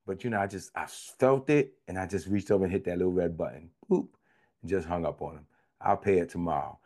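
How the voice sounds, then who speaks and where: A man with a fairly low voice preaches a sermon. His delivery is conversational and vernacular, with repeated phrases. He swings between loud, high exclamations and quiet, confiding lows. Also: quick pace.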